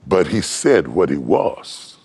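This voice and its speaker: Slow, deep-voiced preacher man from West Virginia. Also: big pitch swings, slightly rough. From West Virginia, United States. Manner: builds from low, slow delivery to high, ringing shouts. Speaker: pastor. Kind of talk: sermon.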